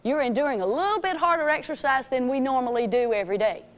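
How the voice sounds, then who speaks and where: A woman's voice: sits high, expressive, fast, slight background noise. A woman teaching a children's fitness class in a gym, encouraging and calling out names and commands. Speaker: physical education teacher.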